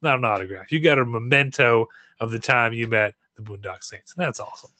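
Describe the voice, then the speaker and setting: A man co-hosting a casual podcast, talking with enthusiasm and frequent restarts. His voice is bright, and the recording is dry and close, with no room sound. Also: medium pitch, brisk, dry recording. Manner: enthusiastic, chatty, many restarts. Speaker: podcast co-host. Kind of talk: casual chat.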